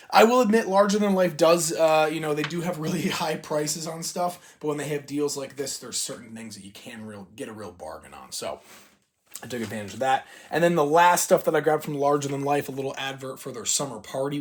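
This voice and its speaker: A man hosting a casual toy-collecting haul video, chatty and rambling, with lots of fillers. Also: medium pitch. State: briefly out of breath. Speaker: toy collector channel host.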